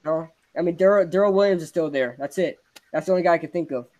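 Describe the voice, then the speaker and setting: A young man hosting a casual sports podcast, ranting excitedly and laughing often. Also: a little high, fast talker. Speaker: podcast host.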